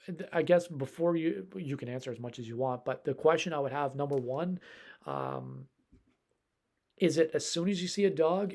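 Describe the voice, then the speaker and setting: A man's voice: medium pitch, creaky, a little mellow. A man who works as a dog trainer and behavior specialist, answering viewers' questions in a casual live stream and rambling in a conversational way.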